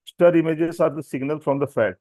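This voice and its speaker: A man's voice: fairly high pitch, fairly quick, dark tone, no room sound. A man with an Indian English accent, a doctor giving a technical lecture with many fillers and self-corrections. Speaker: doctor presenting at a medical symposium.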